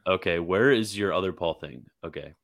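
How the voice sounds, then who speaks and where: A man's voice: low-pitched, normal speed, fairly bright tone, dry recording. A man hosting a casual livestream chat, joking around and directing what to show next. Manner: laid-back, joking, directing the stream. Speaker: stream host.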